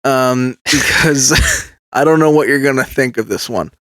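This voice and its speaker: A male podcast host telling an eerie true story in a casual, animated way, building suspense with pauses. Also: mid-range voice, no room sound.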